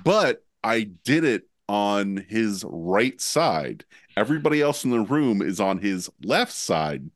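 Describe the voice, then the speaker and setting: A man co-hosting a podcast shares a prank story in relaxed chat, amused with himself and giggling as he goes. His voice sits low but swings widely in pitch. He takes his time, and the sound is close and dry. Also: slow, dry recording. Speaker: podcast co-host.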